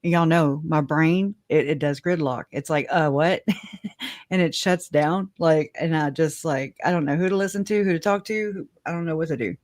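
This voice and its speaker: A woman's voice: moderate pace, dry recording. Giggly woman with a dry, close sound. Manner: chatty, giggly, voice leaps up high when excited. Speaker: livestream host. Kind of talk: casual livestream commentary.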